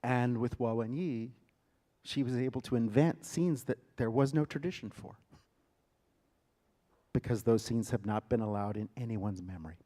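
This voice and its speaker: A man, a theater director, giving a lecture and retelling a story with dramatic emphasis and sudden loud bursts. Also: medium pitch, moderate pace, long pauses. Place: lecture hall.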